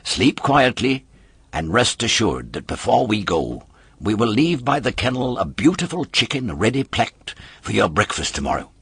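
A crafty storybook polecat who bargains in a low, wheedling murmur, put on by a male reader. His voice is husky and dry, with a lively rise and fall as he talks. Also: normal speed, dry recording, exaggerated voice. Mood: sly coaxing. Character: sly greedy male polecat, smooth-talking.

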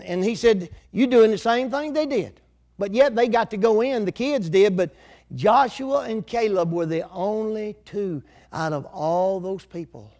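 A man's voice: high-pitched, darkish tone. An older man preaching a sermon in a folksy, conversational way.

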